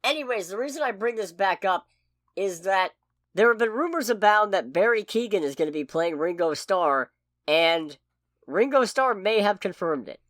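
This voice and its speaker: A woman's voice: medium pitch, animated, normal speed, fairly bright tone, dry recording, studio quality. A woman co-hosting a podcast in casual chat, rambling and correcting herself as she jokes along. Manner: rambling, self-correcting, jokey. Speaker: podcast co-host.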